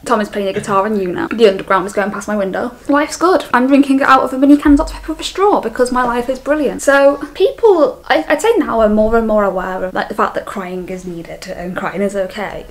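A young woman vlogging from her bedroom, talking casually and chattily, mocking herself with a giggle now and then. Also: fairly high pitch. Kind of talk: casual vlog chat.

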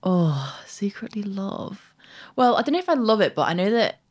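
A woman's voice: fairly high pitch, very animated, rapid-fire, no echo, clean studio sound. A woman guest chatting casually in a bubbly, giggly way with lots of fillers. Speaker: guest, business founder. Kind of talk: casual interview chat.

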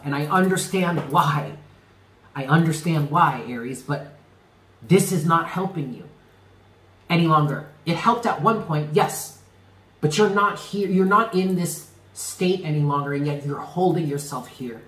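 A man giving a spoken tarot reading, earnest and emphatic, often repeating himself and dropping low on key words. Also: unhurried, a bit bright, reverberant, slight background noise. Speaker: tarot reader.

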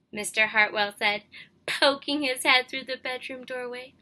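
A woman kindergarten teacher reading a picture book aloud to young children with expressive, gently questioning delivery. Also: sits high, moderate pace.

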